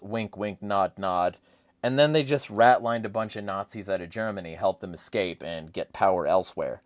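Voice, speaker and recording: Male host, lower register, dry sound; profane, rambling political rant. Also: normal speed, no room sound. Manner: profane, rambling, animated rants. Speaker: podcast host. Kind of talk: casual political chat.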